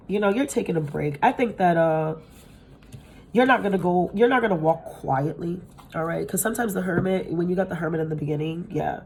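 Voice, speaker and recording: A woman's voice: sits low, moderate pace, a little mellow. A woman giving a casual tarot reading to her viewers from home, talking bluntly, swearing freely and laughing often. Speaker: tarot reader. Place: at home with pets nearby.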